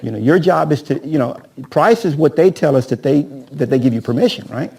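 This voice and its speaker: An energetic man coaching a room full of agents, his voice pitched a bit high yet dark and mellow in tone. He keeps throwing questions at the crowd and acts out sales scripts with a volunteer. He teaches in a lively seminar style. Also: brisk, gravelly, slight background noise. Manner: energetic, peppers talk with "right?" and questions to the audience. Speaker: real estate trainer.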